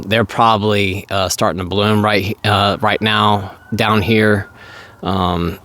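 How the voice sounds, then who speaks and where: A man talking casually to his viewers in a rambling vlog, hoarse and losing his voice, clearing his throat often. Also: deep voice, a bit bright. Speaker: vlogger.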